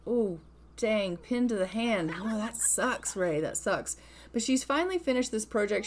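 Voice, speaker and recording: Woman, gaming creator, chatty let's-play narration, mid pitch, storytelling manner. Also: a little hiss or hum. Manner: chatty, retells scenes with "she's like".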